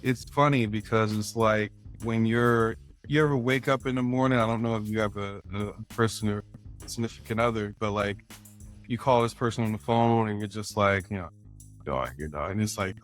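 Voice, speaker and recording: A man's voice: on the low side, fairly even intonation, soft background music. Laid-back male show host in casual chat. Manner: laid-back, halting, with many "um" and "you know".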